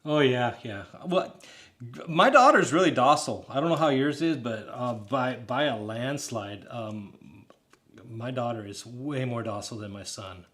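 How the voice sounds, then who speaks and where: Casual hobbyist guy in his 30s, mid-pitched, rambling chat to viewers, quick laughs. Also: lively intonation, fairly bright tone. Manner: rambling, chatty, laughs often, talks to viewers directly. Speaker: hobbyist builder talking to stream chat. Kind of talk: casual live build chat.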